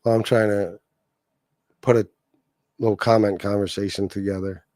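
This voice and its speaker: A man's voice: fairly low pitch, steady tone, moderate pace, a little mellow, no echo, clean studio sound. A man hosting a casual livestream, reading chat comments aloud and mocking someone with heavy profanity. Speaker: livestream host.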